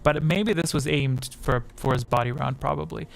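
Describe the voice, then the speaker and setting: A man's voice: a little high, moderate pace, vocal fry. A man hosting a livestream quiz at a home desk microphone, talking in a rambling way, correcting himself and reading out chat answers.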